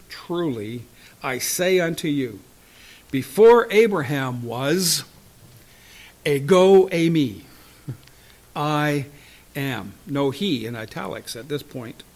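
A man teaching a Bible study, chuckling often and reading scripture aloud with emphasis. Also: a little high.

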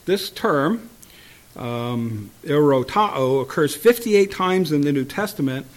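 Man preaching a Bible-teaching sermon. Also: on the high side. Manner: measured teaching tone with fillers and throat clearing.

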